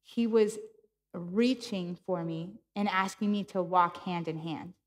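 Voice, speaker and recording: A woman's voice: fairly low pitch, unhurried, big-room sound. A woman preaching a sermon, telling a personal story with laughter and acted-out dialogue. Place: church.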